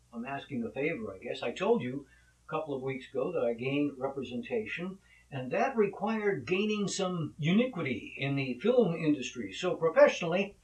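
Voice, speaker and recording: Male vlogger, chatty and loose, slightly high voice, echoey distant recording. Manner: conversational, rambling with asides. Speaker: vlog host, actor. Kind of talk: casual monologue and joke telling. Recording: echoey room, mic at a distance.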